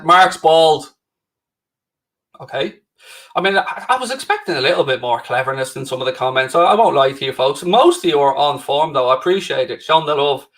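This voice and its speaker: A little high and fairly bright, this middle-aged Irish man's voice carries casual live-stream chat as he co-hosts a football watchalong. He bants with the chat, teasing viewers sarcastically.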